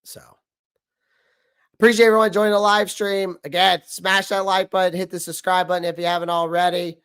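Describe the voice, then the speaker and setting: A man hosting a fan livestream about his football team, hoarse from losing his voice, talking bluntly and repeating his points. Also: high voice, little pitch movement, fairly quick, a bit bright. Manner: blunt, emphatic, repeats himself. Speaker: sports fan show host. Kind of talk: livestream sports rant.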